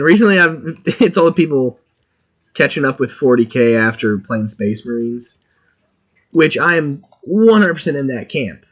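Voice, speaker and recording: A man streaming a video game, chatting casually and excitably while thinking aloud about what he is doing. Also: mid-range voice, husky, highs cut off. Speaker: gaming streamer.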